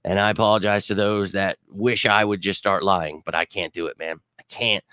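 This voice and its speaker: A man hosting a live sports fan show, ranting bluntly with swearing and giving shout-outs to viewers by name. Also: low-pitched, steady tone, moderate pace, clear, resonant tone, no room sound, clean studio sound. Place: home.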